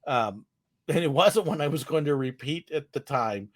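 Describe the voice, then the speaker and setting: A man's voice: on the high side, lively intonation, moderate pace. Casual male guest from California, light voice, chatty storyteller. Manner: easygoing storyteller, laughs often. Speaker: guest, former theme park ride skipper. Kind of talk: casual video call chat.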